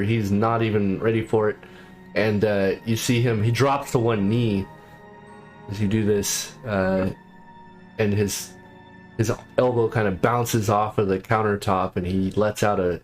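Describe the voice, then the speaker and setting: A man running a tabletop game as game master, narrating in a halting way with frequent fillers. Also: lowish voice, steady tone, soft background music.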